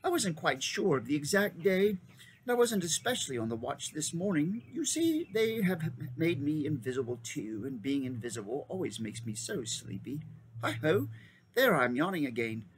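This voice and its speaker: A genial, fussy old magician, as a male reader puts him on, speaking in a high, lilting old-man voice. His pitch leaps and swoops with lively storybook animation. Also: normal speed, a little hiss or hum. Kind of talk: storybook read-aloud.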